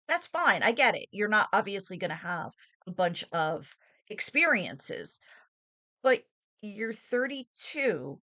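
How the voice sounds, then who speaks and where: A woman's voice: mid-range voice, a bit bright. A woman in her forties telling a dating story in a chatty, opinionated, exasperated way, full of asides and fillers. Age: 40s. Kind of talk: casual storytelling monologue.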